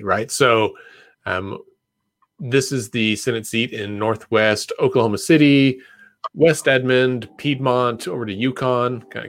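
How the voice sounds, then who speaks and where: A man's voice: lowish voice, fairly bright tone, no room sound. A man hosting a podcast, explaining political news in a loose, rambling way with many fillers. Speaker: podcast host. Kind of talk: casual political chat.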